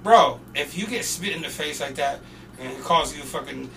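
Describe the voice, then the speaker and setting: A man telling stories in a casual, animated way, full of slang and swearing and getting loud when he acts out the scenes. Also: a little high, moderate pace, creaky, recorded from a distance, crowd noise. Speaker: podcast guest. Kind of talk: casual storytelling.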